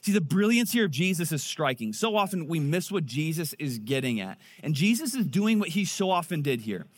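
Animated, fairly high-voiced preaching man. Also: fairly quick. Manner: conversational, animated preaching with acted-out quotes. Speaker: pastor. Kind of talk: sermon.

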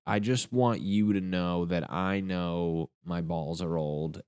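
A man's voice: deep voice, steady tone, slow, a little mellow, clean tone, no echo, clean studio sound. A young man doing a crude, rambling stand-up comedy rant. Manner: crude, rambling, jumps into silly voices.

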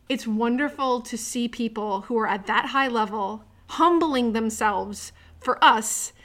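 A woman's voice: on the high side, fairly bright tone. A woman who teaches cello, talking casually and thoughtfully with a colleague. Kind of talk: casual chat between colleagues.

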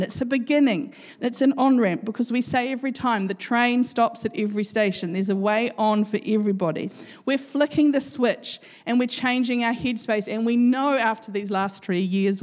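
A woman giving a chatty, playful sermon to a live congregation, laughing often. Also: a little high. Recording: long hall reverb.

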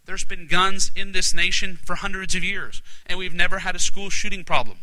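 Southern man, fiery revival preacher, high and very bright tone, low asides building to shouts. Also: moderate pace, dry recording, low-quality recording. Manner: fervent, swings from low asides to shouted declarations. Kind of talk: revival sermon.

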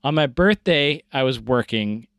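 A man's voice: mid-range voice, expressive, a little slow, fairly bright tone, clear, resonant tone, no echo. Casting: man, forties, rambling casual storyteller, dry close sound. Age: 40s. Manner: rambling, self-deprecating, many fillers.

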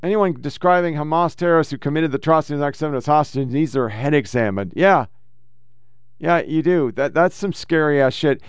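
Man, podcast host, heated profane rant, smooth clear voice, dry close sound. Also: a little high, brisk, no echo. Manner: profane, heated, reads posts aloud. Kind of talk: ranting political commentary.

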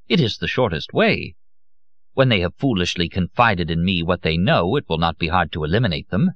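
A raging, cursing old court magician from a storybook, put on by a man in a raised, loud voice. The voice swings about wildly and sounds dry and close on a dull, muffled recording. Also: deep voice, no echo. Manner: blustering, cursing outbursts.

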